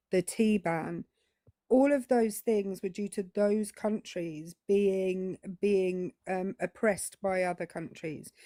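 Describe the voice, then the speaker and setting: British woman calling in, pointed questions, soft dark voice. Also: mid-range voice, no echo. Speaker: caller. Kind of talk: call-in political debate.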